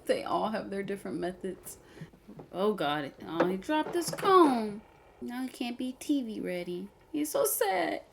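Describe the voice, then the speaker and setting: A woman giving casual, expressive commentary while watching a film, often talking straight at the screen. Her voice sits at an ordinary middle pitch. A faint hiss of background noise runs under her speech. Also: a little slow, creaky. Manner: expressive, exclaims and talks at the screen. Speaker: movie reaction host.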